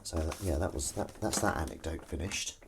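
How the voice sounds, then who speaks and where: His voice is extremely low and creaky, at a moderate pace, buried in heavy background noise. Washing up on a live stream, he chats casually, rambling and teasing the audience while water runs and dishes clatter.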